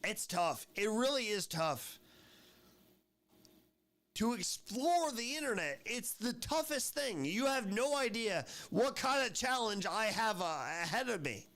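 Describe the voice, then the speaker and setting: A man reacting to clips on his livestream, rambling and emotional, with frequent swearing. His voice is fairly high and swings widely in pitch. He talks slowly, with a gravelly fry. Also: sing-song, a bit bright. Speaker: streamer reacting to videos.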